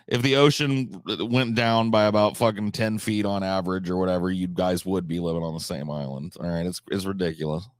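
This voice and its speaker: A man's voice: on the low side, no room sound, clean studio sound. A man from the United States chatting casually on a live stream, blunt and rambling, with frequent swearing.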